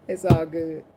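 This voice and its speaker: A woman giving a casual tarot reading to camera, blunt, profane and joking, indoors at night under a ring light. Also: on the low side. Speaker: tarot reader. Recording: clear background noise of clicks and shuffling cards.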